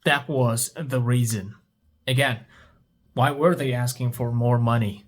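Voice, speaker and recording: A man's voice: mid-range voice, steady tone, measured pace. A man whose first language is Turkish, teaching English by asking story questions, repeating each one and answering it himself. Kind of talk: story-based English speaking practice.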